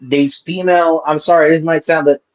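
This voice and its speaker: A man's voice: on the high side, steady tone, normal speed, lo-fi sound. A man co-hosting a casual chat, talking bluntly and crudely.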